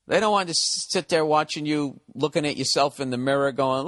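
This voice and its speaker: A male podcast host rambles on his own in a loose, unscripted monologue. He is blunt and jokey, swears constantly, and sits slightly higher in pitch than most men. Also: brisk, hardly any pauses, a bit bright. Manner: profane, blunt, joking.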